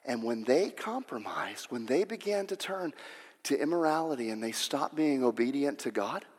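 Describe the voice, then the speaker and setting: A male preacher retelling a story in a sermon, restarting words and rising to shouted climaxes. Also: mid-range voice, lively intonation, moderate pace, slightly rough, in a large hall. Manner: restless, repeats words, builds to shouting.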